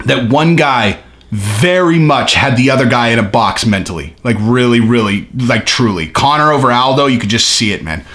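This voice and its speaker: Animated swearing man commenting casually. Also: medium pitch. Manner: animated, swearing, filler-heavy. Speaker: host.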